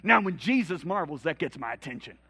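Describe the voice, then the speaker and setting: A man preaching a sermon in a church, telling Bible stories dramatically and acting out the voices, swinging from loud to hushed. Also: fairly high pitch, sing-song, brisk, husky, in a large hall.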